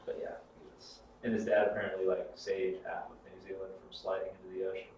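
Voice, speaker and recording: A man's voice: sits low, completely flat delivery, fast talker, darkish tone, slight background noise. A man, a podcast co-host, chatting casually and rambling through stories with plenty of swearing. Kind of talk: casual chat. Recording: echoey room, mic far off.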